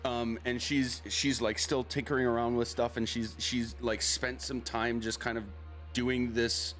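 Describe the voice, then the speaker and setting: Excitable, laughing male game master. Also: medium pitch, measured pace, soft background music. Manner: excitable, loud, laughs often. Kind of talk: narrating a tabletop game.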